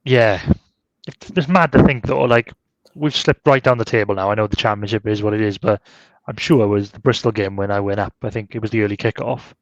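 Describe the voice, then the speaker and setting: A man's voice: fairly low pitch, fairly quick, no room sound. A man co-hosting a football podcast, rambling casually with lots of fillers and tag questions. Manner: chatty, rambling, heavy use of "like" and tag questions. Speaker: podcast co-host. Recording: slightly dull lo-fi sound.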